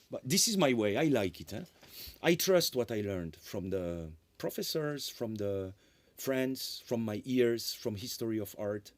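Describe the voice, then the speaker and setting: A man giving a conference lecture as a composer, talking in an animated way, often tagging sentences with "eh?" and restarting phrases. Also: mid-range voice, measured pace, no room sound. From France. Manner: animated, tag questions "eh?", frequent restarts.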